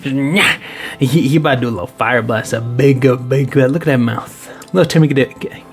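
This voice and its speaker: A man's voice: medium pitch, fairly quick, soft background music. A man hosting a card collecting video, giving casual, playful review commentary and addressing viewers as boys.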